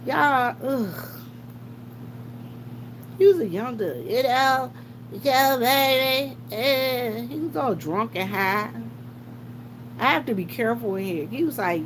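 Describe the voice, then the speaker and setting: A woman talks casually to her viewers, telling stories and greeting commenters by name. Her voice sits slightly high. A steady hum of background noise runs under her. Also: unhurried, low-quality recording. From South Carolina. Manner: chatty storytelling, greets commenters. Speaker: vlogger working a gas station shift.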